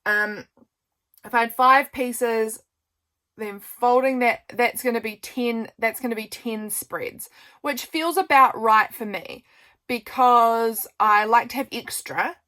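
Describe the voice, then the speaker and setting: Talking casually about crafting, this New Zealand woman runs a crafting channel and speaks slowly in a bright, forceful, rather high voice. She chats freely, pokes fun at herself and works things out out loud.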